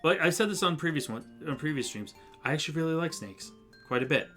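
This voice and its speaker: A man's voice: a little high, lively intonation, fast talker, fairly bright tone. A male streamer chatting casually during a live stream, laughing easily and swearing now and then. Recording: game music behind voice.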